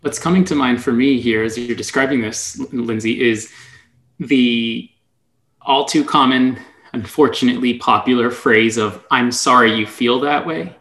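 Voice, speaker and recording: A man co-hosting a casual talk show, speaking in a measured, thoughtful way with pauses. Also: medium pitch, fairly bright tone. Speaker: podcast co-host. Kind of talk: casual conversation about relationships.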